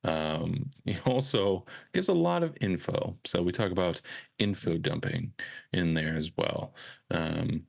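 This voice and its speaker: Deep gravelly man in casual chat. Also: animated, a little slow, no room sound. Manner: loose, rambling, profane banter. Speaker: podcast co-host.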